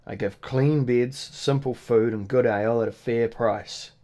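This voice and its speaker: A man's voice: medium pitch, steady tone, measured pace, mellow, natural voice. A man voicing a huge, surly Irish tavern keeper who speaks bluntly in an Irish accent. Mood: gruff.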